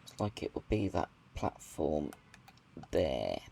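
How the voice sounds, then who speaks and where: A man's voice: extremely low pitch, very animated, vocal fry, mellow, a little hiss or hum. A British man giving casual commentary over a train simulator game, thinking aloud as he goes. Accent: British English. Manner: musing aloud, slow and thoughtful. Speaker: gaming video creator.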